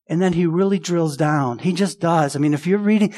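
A man's voice: sits high, fairly quick, hardly any pauses, darkish tone. A man preaching a sermon as pastor, conversational and emphatic, often asking the congregation rhetorical questions.

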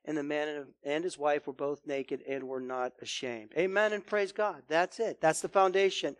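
A man preaching a sermon in a high voice, reading scripture aloud and then driving his points home with earnest emphasis. The sound is close and dry, with no room echo. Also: moderate pace, hardly any pauses, smooth. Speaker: pastor.

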